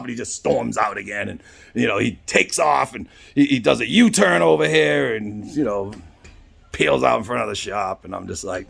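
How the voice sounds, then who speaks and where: A barber whose voice is a little high and creaky recounts a story in a loose, rambling manner. Tag questions like "right?" come up often, and he plays out both sides of the exchange.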